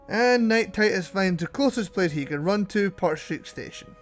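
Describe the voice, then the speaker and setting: A man's voice: sits high, expressive, normal speed, few pauses, soft background music. A man narrating gameplay commentary as a channel host, wry and self-mocking.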